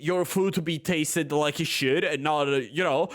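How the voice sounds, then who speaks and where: A man's voice: fairly high pitch, moderate pace, hardly any pauses. A young man streaming from his room at home, reading forum posts aloud and breaking into heated, profane rants.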